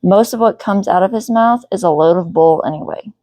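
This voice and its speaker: A woman's voice: medium pitch, fairly quick, warm tone, dry recording, natural voice. A woman doing a blunt, protective teenage brother.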